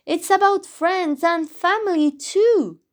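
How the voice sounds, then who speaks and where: A woman's voice: extremely high pitch, takes it slowly, voice pushed up. A woman voicing a sensible young male beaver in a storybook reading, matter-of-fact and a bit bossy.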